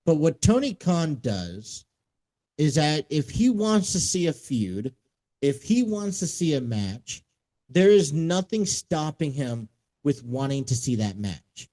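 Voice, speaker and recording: A man hosting a sports talk show, reading out a news story and commenting on it, halting with many fillers and restarts. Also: fairly high pitch, big pitch swings, warm tone, poor audio.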